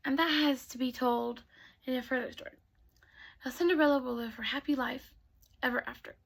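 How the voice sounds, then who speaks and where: Woman, bedtime storyteller, soft, often whispering, husky, gravelly. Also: high voice, fairly even intonation, brisk.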